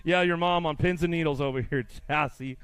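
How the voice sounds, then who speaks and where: A man calling a live race, running through riders' names in quick play-by-play and tossing in joking asides. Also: fairly high pitch, a bit bright, clear, resonant tone. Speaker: race announcer. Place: outdoor race track.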